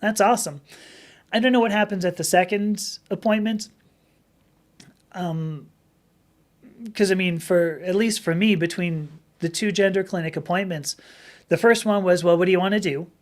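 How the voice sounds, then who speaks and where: A middle-aged woman hosting a live stream, chatting casually with viewers and telling rambling stories. Her voice is a little rough from talking for hours. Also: medium pitch, a little slow, long pauses. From Southern California. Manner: rambling, chatty storytelling with many restarts. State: slightly rough voice from long talking.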